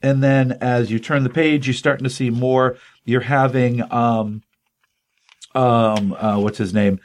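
A man's voice: mid-range voice, fairly even intonation, unhurried. A man casually retelling a comic book issue on a podcast, rambling with many ums and restarts, acting out the dialogue.

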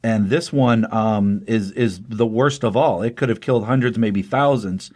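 A man's voice: lowish voice, a little slow, a little mellow, husky. A man casually retelling a comic book story, rambling with many ums and restarts and briefly acting out the characters' lines. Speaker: podcast host recapping a comic. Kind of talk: casual spoken recap.

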